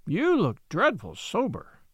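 A man's voice: sits high, wildly swooping pitch, slow pace, husky, no echo, pitched above the performer's own voice, exaggerated voice. A busy, caring country mother, as a male narrator plays her, fussing over her child in plain homely speech in a storybook reading. Her voice rises and falls expressively. The sound is close and dry. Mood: concerned.

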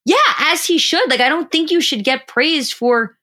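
A woman's voice: high voice, moderate pace, bright, forceful tone. A woman co-hosting a podcast, talking casually and hesitantly, stopping and restarting as she thinks aloud. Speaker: podcast co-host. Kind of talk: casual chat.

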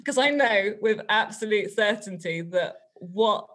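A woman, a guest on a podcast, telling a story in a chatty, animated way and laughing often. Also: medium pitch, unhurried. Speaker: guest author and teacher.

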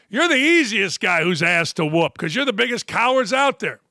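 A man's voice: sits high, moderate pace, hardly any pauses, no room sound. A man hosting a sports talk show, delivering a brash, mocking monologue of opinionated commentary from a studio. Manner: brash, mocking, animated rants.

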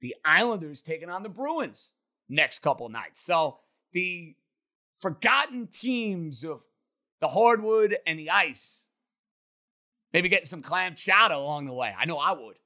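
Energetic bright-voiced New host. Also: male voice, fairly high pitch, unhurried. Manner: energetic, animated. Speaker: podcast host. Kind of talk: casual sports talk.

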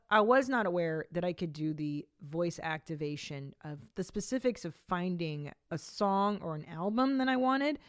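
A woman's voice: lowish voice, smooth, no echo, clean studio sound. A woman in her forties co-hosting a comedy podcast, chatting casually with blunt, profane jokes. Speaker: podcast co-host.

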